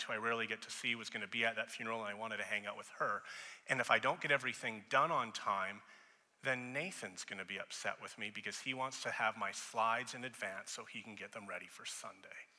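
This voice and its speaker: Bright-voiced male pastor in a reverberant hall. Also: medium pitch. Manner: conversational preaching, acting out quoted voices and rising loud in stories. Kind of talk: sermon. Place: church sanctuary.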